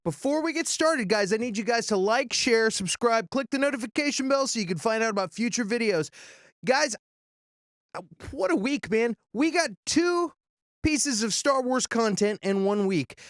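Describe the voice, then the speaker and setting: High-voiced man, rambling casual review. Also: animated, normal speed, a bit bright, no room sound, studio quality. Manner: rambling, loosely acts out quotes in small voices. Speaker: host of a TV review show. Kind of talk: casual spoken review with recap.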